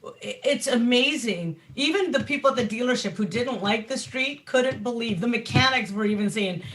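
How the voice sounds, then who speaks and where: A woman guest on a talk show chatting casually about her bikes, animated and swearing freely, laughing often. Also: fairly high pitch, measured pace, slight background noise. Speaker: guest, map company founder. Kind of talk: casual chat.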